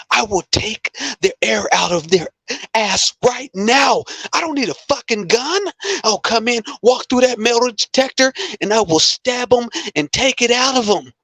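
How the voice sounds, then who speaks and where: A volatile young male ex-Marine rages in breathless, high-pitched shouts, as a man puts him on. The voice is strained and bright, and the sound is dry and close. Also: animated, measured pace, no room sound, exaggerated voice. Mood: raging.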